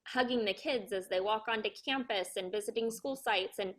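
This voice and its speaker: A woman teacher on a video call responding to a colleague, sincere and moved, speaking haltingly. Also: medium pitch, a bit bright.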